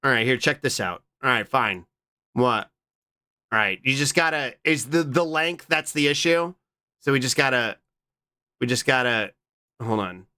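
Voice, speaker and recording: A man chatting casually on a live stream, reading and answering his chat with quick, repeated "what?" interjections. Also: medium pitch, animated, pushed and bright.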